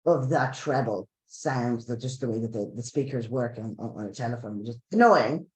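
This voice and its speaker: A man hosting a webinar, talking in halting, self-correcting bursts and repeating words. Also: medium pitch, expressive, a little mellow. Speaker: webinar host. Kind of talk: casual chat. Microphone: video call. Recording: roomy echo on a call.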